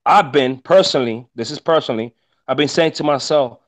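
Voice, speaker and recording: Speaking at normal speed in a mid-range, fairly bright voice, a panel speaker who drives rideshare gives a casual motivational talk. He preaches emphatic life advice and curses without holding back.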